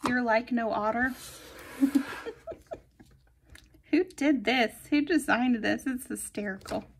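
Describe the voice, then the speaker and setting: Giggly high-voiced woman crafting. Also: takes it slowly, a little hiss or hum. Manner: chatty and giggly, drifting into soft murmurs while crafting. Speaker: planner vlogger. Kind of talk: casual plan-with-me narration.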